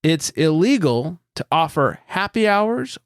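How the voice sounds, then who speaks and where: A man's voice: on the high side, very animated, unhurried, clean tone, no room sound, clean studio sound. A man co-hosting a casual podcast chat. He is laid-back, laughs often and swears freely. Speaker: podcast co-host.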